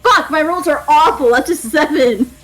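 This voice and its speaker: A woman's voice: sits high, normal speed, a bit bright, rough recording. A woman player in a tabletop game, chatting playfully with laughter and fillers. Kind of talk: tabletop role-play chat.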